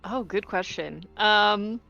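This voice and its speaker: A woman's voice: mid-range voice, takes it slowly, gravelly, pushed and bright, muffled recording. A woman playing a tabletop game, chatting in an easygoing way. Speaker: player. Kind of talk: casual game chat. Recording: dry, close sound with faint music.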